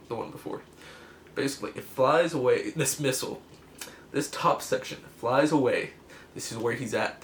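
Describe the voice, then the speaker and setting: Man, casual comic chat, rambling, laughs easily, echoey room, faint background noise. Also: medium pitch. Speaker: comic book video host.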